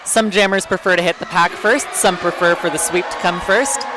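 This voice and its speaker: A casual co-commentator chats through a live roller derby bout, explaining tactics in an easy, conversational way. The voice sits at a middle pitch. Loud venue noise fills the background. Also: fairly even intonation, moderate pace, some chatter behind. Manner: casual, chatty, explains play.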